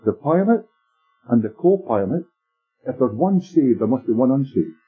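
Tinny recorded preacher, husky man. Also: medium pitch, big pitch swings. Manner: storytelling preacher, measured and emphatic. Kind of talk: sermon. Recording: tinny lo-fi sermon tape with faint music.

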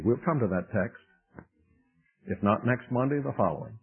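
Husky man preaching on tinny old radio. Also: fairly high pitch, animated, moderate pace. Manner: dramatic swings between loud emphasis and hushed tones. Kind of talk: sermon lecture.

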